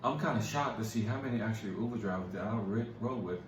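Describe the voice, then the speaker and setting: A man's voice: lowish voice, fast, roomy sound, recorded from a distance, slight background noise, poor audio. A man chatting casually as co-host, laughing often and repeating himself as he talks. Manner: laughs often, relaxed and repetitive. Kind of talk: casual chat.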